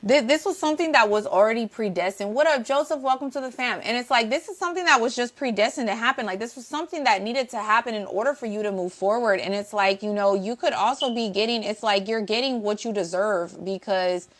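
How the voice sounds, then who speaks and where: A woman with a fairly high voice talks fast and barely pauses while giving a casual tarot reading. She's blunt and profane, repeats herself for emphasis, and greets the viewers in her live chat.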